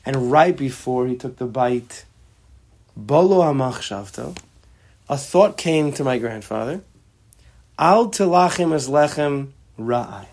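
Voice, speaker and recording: A man teaching a class on a religious text, expressive and acting out the quotes as he explains them. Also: mid-range voice, takes it slowly. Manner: expressive, acts out quotes, mixes Hebrew terms. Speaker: Torah teacher.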